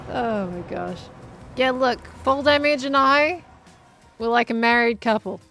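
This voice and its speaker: A woman's voice: a little high, takes it slowly, long pauses, fairly bright tone, no echo, faint music behind. A young adult woman streaming a game, chatting in a rambling, giggly way as she plays. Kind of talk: rambling live gameplay chat.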